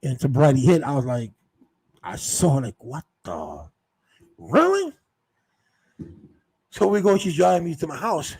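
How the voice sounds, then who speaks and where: A man's voice: fairly high pitch, lively intonation, a little fast, creaky, warm tone, breathy edge, rough recording. A man telling a rambling, profane story in a casual monologue, full of restarts and repeated words. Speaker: show host telling stories.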